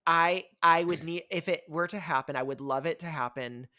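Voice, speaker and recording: A man's voice: on the high side, moderate pace, sharp tone, dry recording. Agreeable man on a dry podcast mic. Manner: agreeable, frequent backchannel replies. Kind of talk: casual podcast chat. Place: studio.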